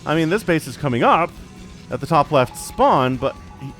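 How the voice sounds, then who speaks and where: A man's voice: fairly high pitch, normal speed, faint music behind. Chatty man casting a strategy game. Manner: chatty, rambling asides, easily excited. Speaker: esports caster. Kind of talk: solo game commentary.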